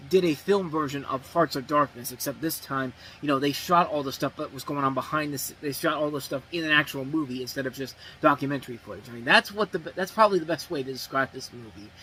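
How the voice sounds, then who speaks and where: A man hosts his movie review show in a loose, rambling way, restarting sentences as he goes. His voice sits a bit high and sounds bright and forceful. Faint noise sits under the recording. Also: expressive, fast talker, low-quality recording. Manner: rambling, self-correcting, many "I mean"s. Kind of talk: casual spoken movie review.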